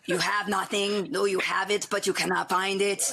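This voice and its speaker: A woman doing a gruff, gravelly Austrian action-hero tough guy. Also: mid-range voice, little pitch movement, normal speed, bright, forceful tone, a little hiss or hum, pitched above the performer's own voice. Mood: deadpan menace. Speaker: comedy panelist.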